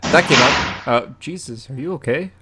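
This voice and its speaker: A young man co-hosts a podcast in loose, casual chat. He is animated and laughs often. His voice sits at a middle pitch. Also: normal speed, heavy background noise. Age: young adult. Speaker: podcast co-host.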